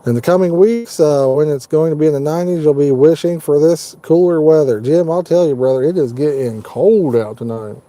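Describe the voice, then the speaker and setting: Sitting in his parked truck at night, a man from Indiana, United States, hosts a fishing live stream and chats casually with viewers by name in a folksy, easygoing way. His dark-toned voice is a little high, and he talks fairly quickly with hardly any pauses.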